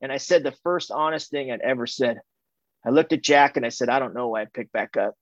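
A man's voice: medium pitch, fairly quick, no room sound, dull audio. A man telling his recovery story in a loose, chatty way, piling up "and, and" and sprinkling in "man" and "dude", with self-mocking humor. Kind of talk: personal testimony told as casual storytelling.

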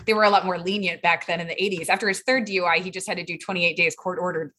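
A woman in her thirties sharing her recovery story in a chatty, animated way, full of fillers and acted-out quotes. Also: fairly low pitch, very fast, slight background noise. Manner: chatty and animated, quotes others in raised voices, frequent fillers. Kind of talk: casual personal storytelling.

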